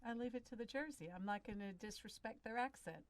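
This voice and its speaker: A woman on the crew, bantering off camera with the host and teasing him with quick comebacks. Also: on the high side. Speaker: crew member.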